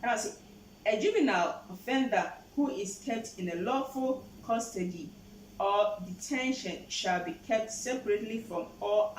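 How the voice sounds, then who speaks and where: A woman's voice: on the high side, huge pitch swings, normal speed, reverberant, far from the mic, very noisy. A Ghanaian woman hosting a show, passionately explaining the law and switching between English and Twi. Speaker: host.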